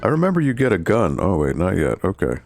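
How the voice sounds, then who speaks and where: A man hosting a charity game livestream, talking in a relaxed, rambling way and thanking donors. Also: deep voice, fast, gravelly, faint music behind. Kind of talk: casual game streaming.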